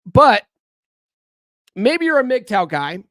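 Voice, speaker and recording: A man's voice: very high voice, sing-song, slow, fairly bright tone, no room sound, studio quality. A man hosting a podcast alone in a casual, blunt, profane way. He keeps asking his listeners "right?" and throws rhetorical questions at them. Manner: rhetorical, challenges listeners directly. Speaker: podcast host. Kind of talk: casual solo talk on dating and self-improvement.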